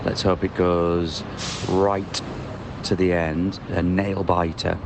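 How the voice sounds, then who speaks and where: Deep-voiced man over street noise. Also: little pitch movement, gravelly. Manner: wry, deliberately observational. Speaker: podcast co-host. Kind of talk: casual chat. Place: outdoors in a city square. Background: street and traffic noise.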